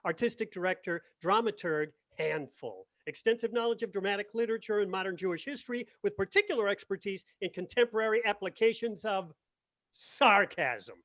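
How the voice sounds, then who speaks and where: A man's voice: a little high, lively intonation, normal speed, dry recording, natural voice. A man playing a sarcastic male artistic director of a theatre in a remote play reading over a video call. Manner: dry, sarcastic.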